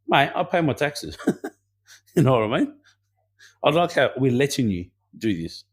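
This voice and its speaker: A man's voice: medium pitch, animated, moderate pace. A man co-hosting a casual podcast, talking in an easygoing way with sarcastic asides. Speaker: podcast co-host.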